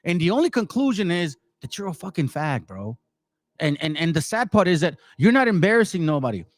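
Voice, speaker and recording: A man's voice: a little high, sing-song, fairly quick. A man in his forties ranting as channel host, confrontational and slangy. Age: 40s. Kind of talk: heated rant to a commenter.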